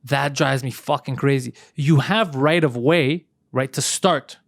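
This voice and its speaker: A man's voice: mid-range voice, measured pace, vocal fry, dry recording, clean studio sound. A man hosting a comedy podcast, ranting with heavy swearing and heated storytelling in a casual, comedic way.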